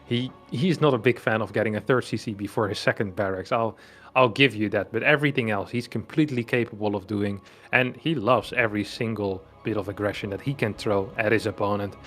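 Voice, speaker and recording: A man casting a live esports match, chatty and swelling into excited play-by-play. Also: lowish voice, brisk, faint music behind. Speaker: esports caster.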